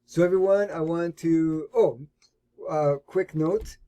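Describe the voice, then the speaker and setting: A man teaching English grammar in a lesson video, explaining slowly and carefully and repeating key words. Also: on the high side, dark tone.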